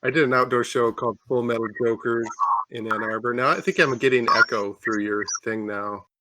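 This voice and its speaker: A man hosts a comedy podcast over a video call. He keeps things relaxed and joking, and he chuckles often as he talks. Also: mid-range voice, brisk, slight background noise. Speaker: podcast host. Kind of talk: casual chat on a video call.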